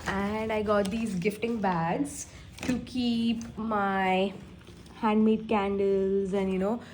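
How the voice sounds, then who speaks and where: A woman's voice: medium pitch, steady tone, slow, a little mellow, slight background noise. A young woman with an Indian accent, congested from a cold, chatting casually in a vlog and slipping into Hindi phrases. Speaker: vlogger.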